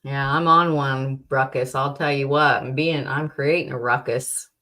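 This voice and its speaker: A woman's voice: extremely low pitch, fairly even intonation, measured pace, sharp tone. A young adult woman hosting a casual livestream, rambling and exasperated, with many restarts and fillers, greeting viewers from the chat. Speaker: livestream host.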